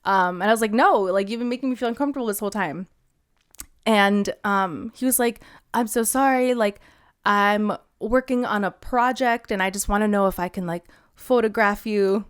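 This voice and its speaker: Young woman, podcast co-host, casual storytelling, animated, laughs often, smooth clear voice. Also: medium pitch, normal speed.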